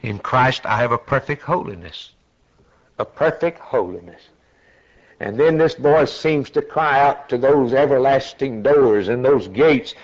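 A man preaching a sermon in a slow, dramatic way, climbing to loud high peaks. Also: animated, lo-fi sound.

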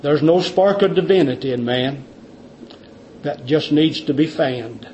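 A male preacher giving a sermon in an emphatic, repetitive way, sometimes dropping to quiet intensity. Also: fairly high pitch, a little slow, slight background noise. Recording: dull lo-fi recording.

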